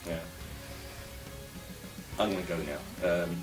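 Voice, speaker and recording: Music plays in the background as a low-voiced English vlogger talks at a normal speed, rambling and offering opinions straight to camera. The room echoes and he sounds distant from the mic.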